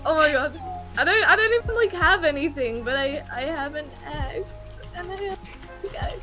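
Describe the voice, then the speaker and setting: A woman with a high, bouncy voice that leaps around as she panics and giggles through a game. She rambles quickly from worry to worry, with faint music behind. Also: expressive, sharp tone. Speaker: gaming guest. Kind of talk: casual gaming chat.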